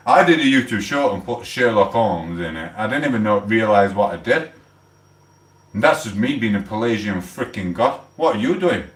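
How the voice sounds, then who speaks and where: A man's voice: on the low side, roomy sound, distant mic. A middle-aged man from England with a South Yorkshire accent, chatting on a livestream in a blunt, swearing, mock-outraged way. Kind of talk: casual livestream chat.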